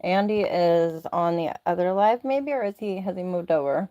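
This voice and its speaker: A woman's voice: on the low side, moderate pace, warm tone, highs cut off. A woman hosting a casual livestream, chatty and rambling, laughing often, talking into a phone or laptop mic. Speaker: livestream host.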